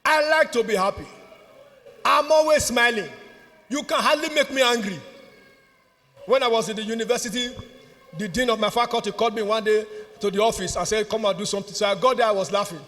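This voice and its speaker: A Nigerian man preaching a sermon as pastor, exuberant, often laughing and shouting. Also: extremely high pitch, fairly quick, long pauses, long reverb tail. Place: church.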